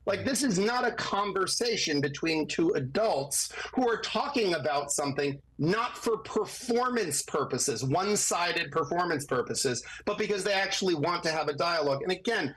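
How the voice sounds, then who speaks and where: A man's voice: high-pitched, normal speed, few pauses, rough recording. A man who works as an attorney, talking as a guest on a podcast and acting out the voices he quotes. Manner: animated, acts out quoted voices. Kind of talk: podcast commentary.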